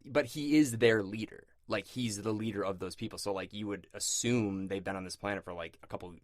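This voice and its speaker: A man co-hosting a podcast, talking casually about a film, animated and argumentative, teasing his co-host. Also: lowish voice, a little fast, dry recording, studio quality. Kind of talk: casual movie review chat.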